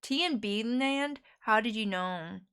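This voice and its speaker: A woman's voice: on the high side, a little slow, fairly bright tone, clean tone. A young American woman streamer in casual chat, chatty and giggly, rambling on. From United States.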